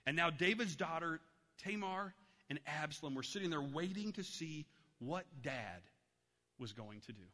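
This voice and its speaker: A man's voice: fairly high pitch, animated, moderate pace, sharp tone. A man preaching a sermon, telling a story and acting out its voices. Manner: storytelling, acts out voices in anecdotes. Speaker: pastor. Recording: long hall reverb.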